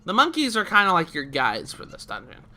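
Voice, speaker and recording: A man's voice: high-pitched, wildly swooping pitch, brisk, bright, forceful tone, soft background music. A man giving a casual, chatty game walkthrough, often laughing while he explains each step. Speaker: let's play host.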